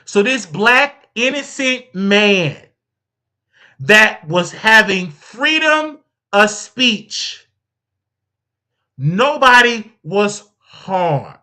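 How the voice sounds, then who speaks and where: Male show host, bright voice, theatrical mock-outrage rant, stammers when heated. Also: high-pitched, big pitch swings, extremely slow. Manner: addresses a sidekick and the audience. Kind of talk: comedic commentary rant.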